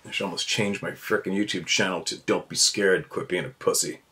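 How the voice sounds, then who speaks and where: A man's voice: low voice, steady tone, a little fast, background noise. A man hosting his own show, talking in a blunt, fired-up rant, cursing freely and repeating his points. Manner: blunt and profane, repeats himself. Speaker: podcast host. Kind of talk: fired-up ranting monologue.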